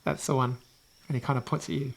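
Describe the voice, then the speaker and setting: A man with a New Zealand accent narrating as game master of a tabletop game, rambling with many pauses and restarts. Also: mid-range voice, level tone, gravelly.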